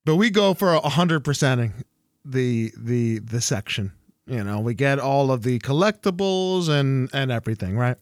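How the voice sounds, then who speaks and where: A young man co-hosting a casual chat, telling a story with lots of restarts and jumping up in pitch whenever he quotes someone. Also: normal speed, no echo, studio quality. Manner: animated, jumps high when quoting people.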